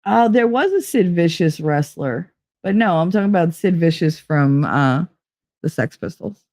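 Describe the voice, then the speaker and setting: A woman's voice: on the low side, animated, normal speed, a little mellow, no echo. Rambling, chatty woman in a dry room. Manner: rambling, chatty, laughs often, swears casually. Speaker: podcast host. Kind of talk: casual chat.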